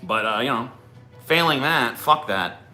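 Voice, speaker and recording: Guy ranting at his stream chat, swearing nonstop, sharp bright voice. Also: mid-range voice, expressive, a little slow, soft background music. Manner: profane, combative ranting at chat. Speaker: livestream host. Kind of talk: ranting livestream commentary.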